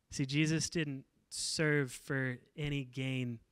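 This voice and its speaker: A man's voice: medium pitch, little pitch movement, unhurried, few pauses, fairly bright tone, clear, resonant tone, dry recording. A male pastor preaching a casual, storytelling sermon, talking conversationally with frequent fillers and restarts.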